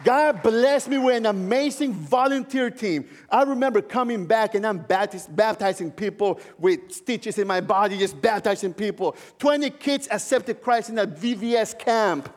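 A male pastor with a notably high voice gives a heartfelt sermon that works his own story in, with soft laughs here and there. His words ring through a long reverb from a large church hall. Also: normal speed, few pauses. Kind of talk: sermon with personal testimony.

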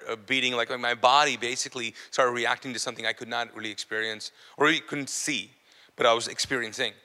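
A man giving a personal testimony to an audience, telling his story with animated, self-mocking humor. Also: mid-range voice, long reverb tail.

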